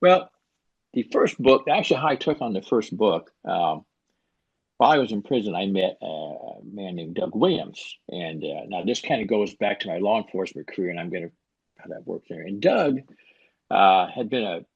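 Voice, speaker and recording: A man in his sixties speaks with a very low, gravelly and husky voice. He tells his story in a dry, wry, self-deprecating way. The sound is dull and close, with no room around it. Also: animated, moderate pace, dry recording. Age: 60s. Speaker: author guest. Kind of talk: casual interview talk.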